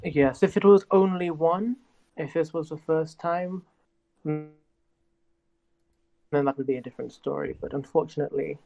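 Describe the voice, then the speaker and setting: A man in a tabletop game speaking formally and measured. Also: on the high side, gravelly, mellow, soft background music, poor audio.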